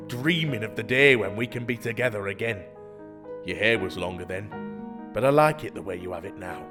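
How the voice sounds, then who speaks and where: A man's voice: lowish voice, fairly bright tone, natural voice. A man voicing a lovesick, melodramatic fake banker, reading over-the-top love letters over faint music. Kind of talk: reading bait emails aloud.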